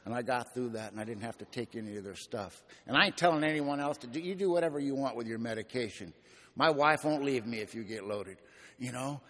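An older man telling a personal story with a folksy, earnest manner and homespun grammar. His voice sits at a middle pitch. It rings out with a long hall reverb, as if on a stage in a large room. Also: a bit bright. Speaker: recovery meeting speaker.

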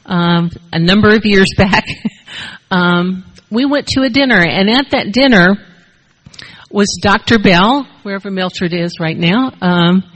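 An older woman sharing her personal story with a group at a recovery meeting, speaking haltingly with many fillers into a shared mic. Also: mid-range voice, fairly bright tone, low-quality recording. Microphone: shared handheld mic.

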